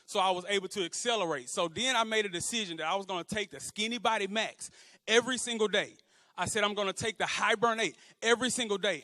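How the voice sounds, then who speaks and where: A man's voice: sits high, fairly quick, pushed and bright. A man from Houston giving a motivational stage speech, rallying the crowd and leading call-and-response chants in a large event room. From Houston, Texas. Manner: fired-up, rallying the crowd, repeats phrases. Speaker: motivational speaker. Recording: long hall reverb with a crowd.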